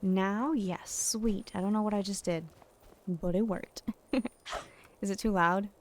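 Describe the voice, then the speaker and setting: A woman's voice: medium pitch, steady tone, slow pace, a little hiss or hum. A young adult woman streaming a game, chatting casually and rambling to her viewers. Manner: chatty, rambling, talks to chat. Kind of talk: casual gameplay chat.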